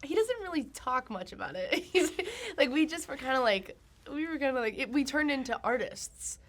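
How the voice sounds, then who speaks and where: Interviewed as a guest, a musician in her twenties speaks casually in a high, sing-song, slightly bright voice at normal speed. She giggles a lot, leans on fillers, and lets her thoughts trail off.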